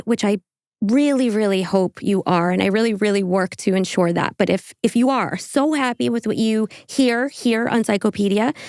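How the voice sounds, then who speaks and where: A woman's voice: mid-range voice, a little mellow, no echo, studio quality. A woman hosting a podcast in casual chat, chatty and giggly, swearing freely. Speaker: podcast host.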